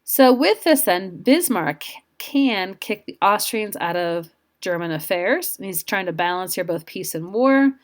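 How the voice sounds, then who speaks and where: A woman's voice: mid-range voice, lively intonation, unhurried. A woman history teacher giving an informal lecture over slides, chatty, with asides to her students.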